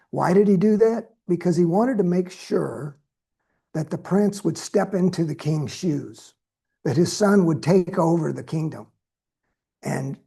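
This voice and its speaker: A man giving a dharma talk as a Buddhist teacher, telling a story in a slow, measured way with pauses. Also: on the high side, vocal fry, mellow, breathy edge.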